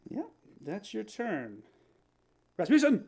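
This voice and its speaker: A man narrating as guest game master of a tabletop game, animated and laughing, with halting restarts. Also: high-pitched, gravelly, breathy edge.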